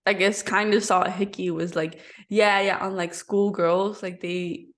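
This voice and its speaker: A woman's voice: medium pitch, flat delivery. A woman in her twenties co-hosting a podcast, chatting casually and agreeably. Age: 20s. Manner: easygoing, agreeable, quick to laugh. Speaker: podcast co-host. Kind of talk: casual chat.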